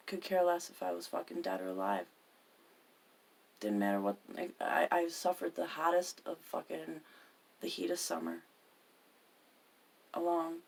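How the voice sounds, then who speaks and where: Woman, podcast host, gravelly voice, personal storytelling, profane, emphatic. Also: lowish voice, a little slow, long pauses. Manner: profane, emphatic, swears constantly.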